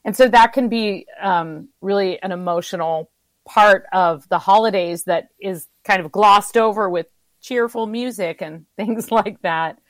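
A woman's voice: mid-range voice, measured pace, no room sound. A woman co-hosting a show in casual chat, sympathetic and chatty with fillers.

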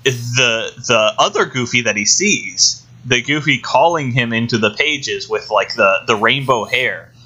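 A man's voice: medium pitch, measured pace, hardly any pauses, sharp tone, husky. A man co-hosting a podcast, casually recapping a movie plot in rambling detail. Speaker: podcast co-host. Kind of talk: casual chat. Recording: dull lo-fi recording.

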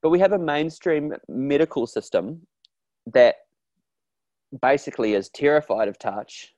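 A man talking in a casual interview about his therapy work, earnest and animated, acting out quoted voices with frequent restarts. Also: on the high side, a little slow, dry recording. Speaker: therapist guest.

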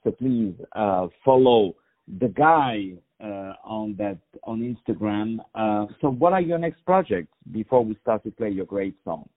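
A man's voice: fairly low pitch, lively intonation, unhurried. A man hosting a casual radio interview, joking and stopping often with fillers. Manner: jokey, many fillers. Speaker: radio host. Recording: muffled lo-fi recording.

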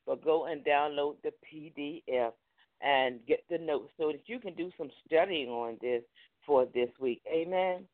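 A man hosts a live ministry program, running through announcements in a loose, chatty way and dropping amens and hallelujahs throughout. His voice sits a little high. The sound is thin and narrow, like a phone line. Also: unhurried. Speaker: ministry host and preacher.

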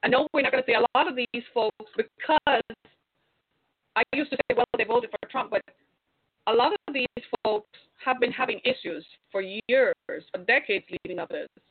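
A woman's voice: on the high side, expressive, moderate pace, breathy edge, no echo. Impassioned woman on a tinny line. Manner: preachy, exhorting, rhetorical questions. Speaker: commentator. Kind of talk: impassioned monologue to viewers. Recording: tinny phone-like sound.

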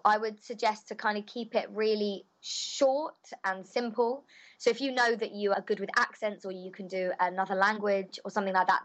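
A young woman talks in a cheerful, bubbly manner. She is a voice actor giving relaxed, chatty answers in an interview. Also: medium pitch.

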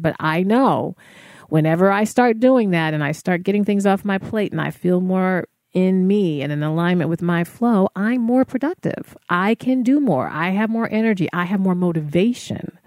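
A woman's voice: lowish voice, a little mellow, no echo, clean studio sound. A woman speaking casually to fellow artists, giving encouraging wellness advice with frequent fillers. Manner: conversational, encouraging, many fillers.

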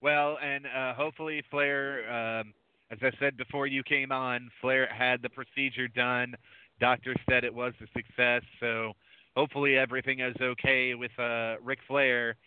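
A man hosting a casual talk show, easygoing and quick to chuckle. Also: mid-range voice, flat delivery, smooth, no echo. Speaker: host. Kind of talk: casual chat. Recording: tinny phone-like line, dry.

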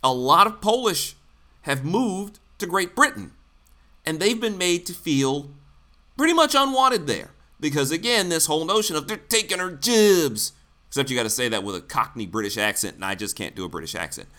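A man's voice: a little high, very animated, fairly quick, bright, forceful tone. A man from the United States giving blunt, sarcastic political commentary, swearing freely. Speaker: commentary host.

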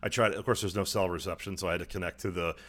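A young man on a podcast, telling a long story casually, swearing often and putting on quick voices for the people in it. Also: low voice, fairly even intonation, fairly bright tone. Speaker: podcast co-host. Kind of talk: casual chat.

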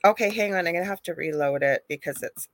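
A middle-aged woman co-hosting a live chat, telling a ghost story in an animated way. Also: fairly low pitch, fast, no room sound. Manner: animated storyteller, acts out quoted voices. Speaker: co-host, psychic medium.

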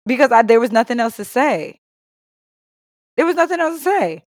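A woman's voice: on the high side, moderate pace, dry recording, studio quality. A young woman co-hosting a podcast, telling a story in casual chat with lots of swearing, acted-out quotes and laughter. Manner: animated, profane, laughing storyteller who acts out quotes. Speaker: podcast co-host.

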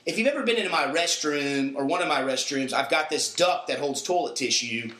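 A man's voice: on the high side, expressive, brisk, sharp tone, reverberant, rough recording. A young man hosting a podcast, telling a rambling story with restarts in casual chat. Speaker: podcast host.

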